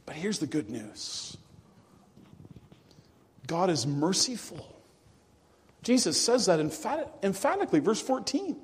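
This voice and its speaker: A male pastor preaching a sermon to his congregation, earnest and emphatic, with hushed drops. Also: high voice, big pitch swings, measured pace, long pauses, slightly rough, big-room sound. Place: church.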